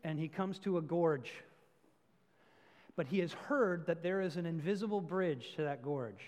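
A man's voice: fairly high pitch, a little slow, a little mellow, in a large hall. A man preaching a sermon as pastor, telling stories earnestly with self-deprecating asides.

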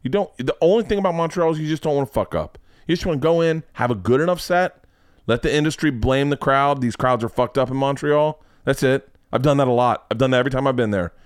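A man's voice: mid-range voice, fast talker, no echo, clean studio sound. A man hosting his own podcast, chatting casually and rambling, swearing often and laughing. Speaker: podcast host. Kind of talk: casual chat.

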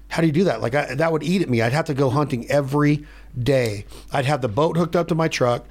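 A man hosting a podcast in a studio, telling stories in a rambling, animated way. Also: fairly high pitch, fast talker. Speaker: podcast host. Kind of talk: casual chat.

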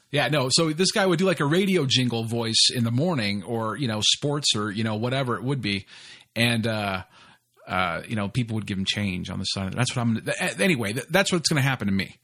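A man's voice: mid-range voice, animated, a little fast, a bit bright. A man, hosting a casual podcast, rambling and self-deprecating with lots of fillers. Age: 40s. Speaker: podcast host. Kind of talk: casual solo podcast intro.

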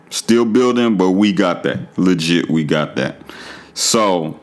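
Male podcast host with a low voice, profane and animated comic storyteller. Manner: animated, profane, swings into high exclamations. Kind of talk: comedic storytelling monologue.

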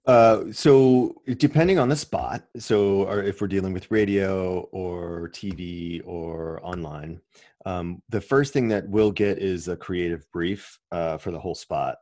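A man who works as a commercial producer and voice-over artist, explaining his work in a relaxed, casual interview. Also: low voice, unhurried, no room sound. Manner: relaxed, explanatory, many restarts.

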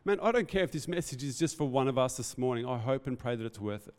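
A man's voice: mid-range voice, animated, quick pace, a little mellow, big-room sound. A man preaching a Christmas sermon in an earnest, reflective way, often stepping off his notes. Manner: earnest, reflective, speaks off the cuff. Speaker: pastor.

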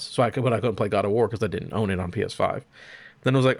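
A young man hosting a podcast, chatting casually about video games in an animated, profane, joking way. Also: lowish voice, very fast, vocal fry, no echo. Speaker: podcast host.

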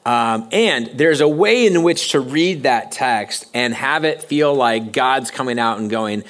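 A man's voice: medium pitch, expressive, fairly bright tone. A man preaching a sermon as pastor, talking conversationally and often stopping to restart his sentences. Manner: conversational, halting with frequent restarts. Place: church sanctuary.

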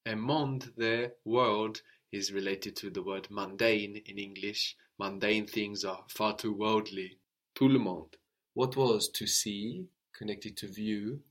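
A man's voice: on the low side, steady tone, slow pace, a bit bright. A man teaching a spoken language lesson, explaining patiently, spelling out words and checking in with a questioning "no?".

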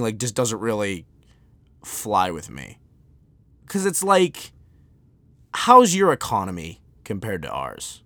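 An American man hosting a podcast, ranting off the cuff in an animated, sarcastic way, full of restarts. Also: fairly low pitch, measured pace, no room sound. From United States. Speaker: podcast host. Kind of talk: unscripted comedic rant.

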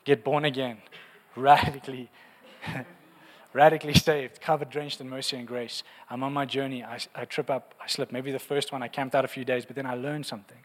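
A man preaching a humorous, lively sermon in a church. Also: mid-range voice, fairly quick. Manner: humorous, animated preaching with acted prayers. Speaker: pastor. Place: large church hall. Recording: reverberant church hall.

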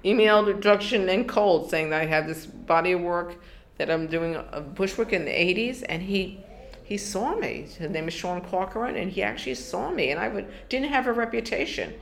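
A woman's voice: mid-range voice, animated, normal speed, creaky, a little hiss or hum. An older woman from New York in an oral history interview, telling her story with many restarts and bits of quoted dialogue.

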